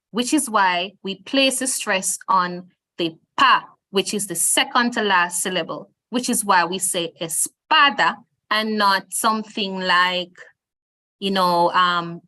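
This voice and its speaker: A woman's voice: a little high, sharp tone. A woman with a Jamaican accent teaching an online Spanish lesson over a video call, patiently repeating words for her students.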